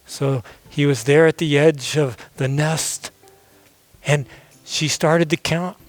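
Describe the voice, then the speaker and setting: A male pastor telling a children's story in an animated way, acting out the scenes. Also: a little high, takes it slowly, no echo, faint music behind.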